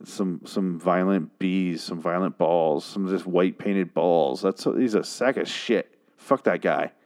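A man's voice: low-pitched, takes it slowly, darkish tone. A drunk man hosting a comedy show, ranting angrily and profanely with exasperated outbursts. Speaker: show host. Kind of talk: comedic rant reviewing song lyrics.

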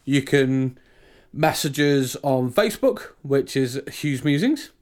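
A British man co-hosts a casual podcast, chatting and ranting with plenty of restarts. His voice sits at an ordinary middle pitch. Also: animated, slow, a little mellow. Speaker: podcast co-host. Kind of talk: casual chat.

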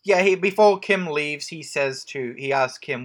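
A man's voice: a little high, a little slow. A man casually recapping a film on a podcast, rambling and joking, with lots of "um"s and restarts. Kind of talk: casual chat.

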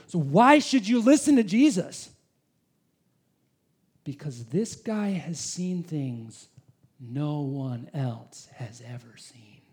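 A man preaches with a high, very lively voice. His delivery swings from loud, emphatic lines down to hushed whispers. His pitch leaps constantly as he drives his points home to the congregation. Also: breathy edge. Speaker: pastor. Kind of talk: sermon. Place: church congregation in the UAE.

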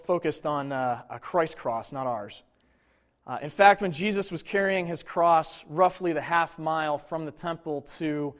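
A man preaching a sermon in a conversational way, with casual asides and quick mock voices. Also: fairly high pitch. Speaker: pastor.

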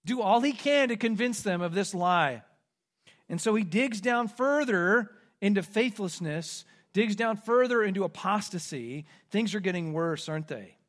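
A male pastor from the Midwest delivers a sermon, walking through a scripture passage verse by verse. He speaks in a fairly high voice and now and then acts out the quoted speakers. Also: lively intonation, a little slow. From American Midwest. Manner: expository preaching, dramatizing quoted lines.

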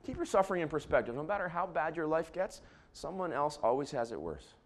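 A man's voice: a little high, very animated, brisk. A man who is a pastor, preaching a conversational sermon to a large congregation with joking asides. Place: church before a large congregation.

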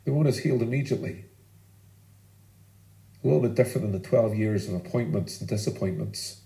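A man preaching a sermon as pastor, earnest and emphatic, with deliberate pauses. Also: on the low side, gravelly, warm tone, roomy sound, poor audio.

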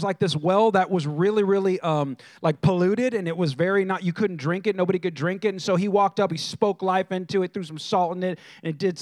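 A man with a high-set voice delivers a laid-back sermon, turning the scripture into a joking, slang-filled story. The sound is dry and close, with no room behind him. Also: no room sound. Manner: conversational and joking, acts out Bible stories in slang. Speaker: pastor. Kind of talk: casual preaching sermon.

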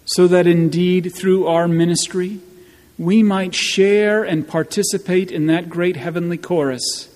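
A man preaching a sermon as pastor, slow and emphatic, with wry asides, in a church. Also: high voice, fairly even intonation, darkish tone. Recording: long church reverb.

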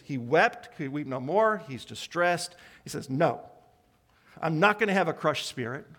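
A man's voice: high voice, fairly bright tone. A man preaching a sermon as a pastor, asking the congregation questions and building emphasis.

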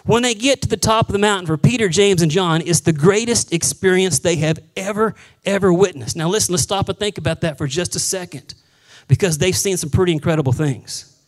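A male pastor preaching a sermon, animated, acting out the voices of Bible figures and dropping to a hush for solemn moments. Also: high-pitched, fairly quick, poor audio. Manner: drops to a hushed voice for solemn moments.

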